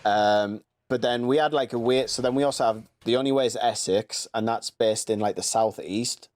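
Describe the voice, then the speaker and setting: A man's voice: medium pitch, moderate pace. Chatty man, swearing freely. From England. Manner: animated, swears a lot, slips into mock accents. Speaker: streamer host. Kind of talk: casual chat.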